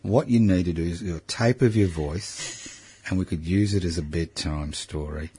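A man's voice: sits low, normal speed, mellow, a little hiss or hum. A man hosting a casual interview, teasing and jokey, laughing often. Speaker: interview host.

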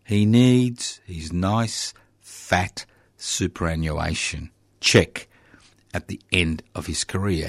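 A man with an Australian accent delivers sarcastic political commentary on community radio, his voice very low and deep. He jabs with mocking, emphatic bursts. The sound is dry and close, with no room around it. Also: slow pace, gravelly, no room sound.

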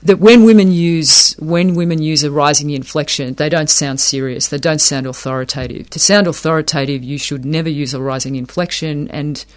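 Thoughtful higher-voiced man explaining ideas. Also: fairly even intonation, moderate pace, few pauses. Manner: thoughtful, repeats words while working out a point. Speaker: academic interviewee. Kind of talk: explanatory interview talk.

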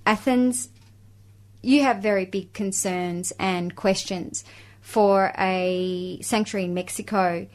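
A woman's voice: medium pitch, slow. A woman hosting a community radio show, giving station idents and introducing her guest and a song. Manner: steady, announcing. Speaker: radio host. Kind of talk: radio presenting.

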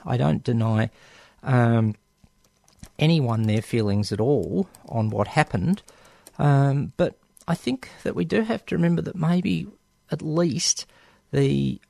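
Gravelly, hesitant Australian radio host. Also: male voice, mid-range voice, darkish tone, no echo, studio quality. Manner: hesitant, many ums and restarts. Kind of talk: casual radio talk.

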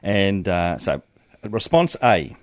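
A man's voice: low-pitched, very animated, slow pace, no room sound, studio quality. Hesitant man quizzing his co-host. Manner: quizzing, hesitant with many ums. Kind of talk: casual sports chat.

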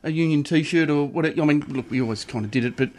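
A man's voice: on the high side, fast talker, darkish tone. An Australian man hosting casual chat, steering the talk with tag questions like "can't we?". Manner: leading, asks tag questions. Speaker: host.

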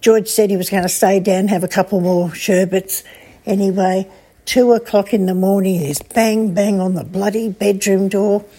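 Older aussie lady doing a memorial tribute, storytelling, pauses and ums here and there. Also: medium pitch, steady tone, slightly rough. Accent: Australian. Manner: warm storytelling with hesitations. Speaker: friend giving a tribute.

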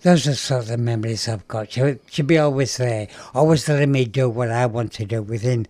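A man's voice: mid-range voice, fairly quick, darkish tone, no room sound. An older man from England, a guest in an interview, rambling through memories and repeating his words. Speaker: guest, self-advocate. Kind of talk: casual interview, reminiscing.

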